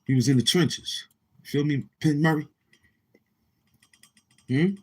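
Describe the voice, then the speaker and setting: Speaking slowly with a slightly high, breathy voice, this show host from Brooklyn, New York rambles through foul-mouthed stories on his livestream. He repeatedly calls out to the chat with questions.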